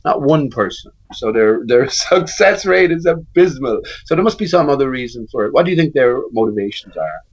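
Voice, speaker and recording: A man asks long, probing questions on a live chat panel and often restarts his sentences. His voice has a medium pitch and comes through dull, lo-fi call audio. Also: lively intonation, fairly quick, hardly any pauses, breathy edge. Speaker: panel guest. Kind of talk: casual discussion.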